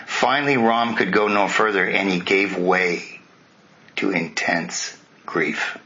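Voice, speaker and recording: Male spiritual teacher, lowish voice, retelling scripture with chatty asides, slightly muffled recording with faint hiss. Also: fairly even intonation, takes it slowly, pushed and bright. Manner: conversational, with asides to listeners.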